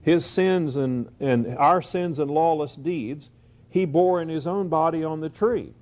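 Slow-reading Bible teacher, man. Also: on the high side. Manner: reads scripture slowly, then explains in quick asides. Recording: dull lo-fi recording.

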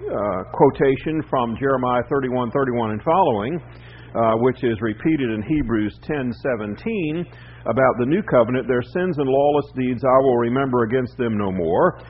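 Man teaching a sermon, pausing often. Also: medium pitch, husky. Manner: measured teaching with frequent "uh" pauses. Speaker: pastor. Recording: slightly dull recording with faint background noise.

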